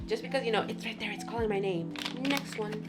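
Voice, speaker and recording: A woman vlogger chatting casually and gushing excitedly while unboxing, with background music under her voice. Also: fairly high pitch, fast.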